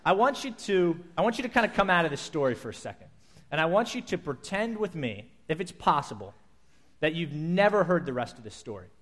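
A man preaching a sermon, telling a scripture story in vivid, animated detail and acting out its scenes. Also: on the high side, fairly quick.

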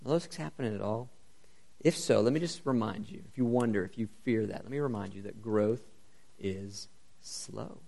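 A man's voice: mid-range voice, normal speed, creaky. A man preaching a sermon, speaking in an earnest, conversational way and asking his listeners many questions. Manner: asks the congregation many rhetorical questions; earnest, lively, and conversational, addressing the crowd as "you guys".

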